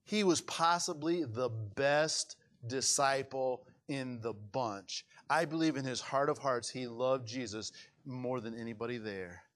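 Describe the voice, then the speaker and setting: A man preaching a sermon as pastor, swinging dramatically between loud high outbursts and hushed low passages, acting out quoted voices. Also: measured pace.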